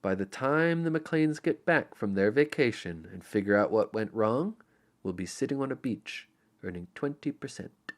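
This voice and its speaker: A man's voice: on the low side, expressive, moderate pace, lightly acted. Hans, a man playing a German burglar boss. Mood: gloating. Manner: smug, plotting. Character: greedy scheming male burglar leader.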